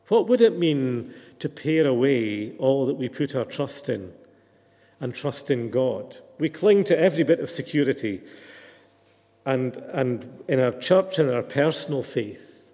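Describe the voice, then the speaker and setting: A man's voice: mid-range voice, dark tone, in a large hall. A man preaching a sermon in a reflective, questioning manner.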